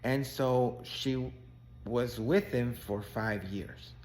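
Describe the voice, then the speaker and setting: A man's voice: medium pitch, drawn-out words, darkish tone, a little hiss or hum. A man, a life coach, telling a client's story in an earnest, emphatic casual way.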